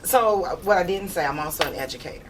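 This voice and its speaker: Middle-aged woman, low-pitched, chatty panel guest; distant mic with faint noise. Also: animated, fast talker. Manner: chatty, laughing. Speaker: teacher and model. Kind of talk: casual panel chat.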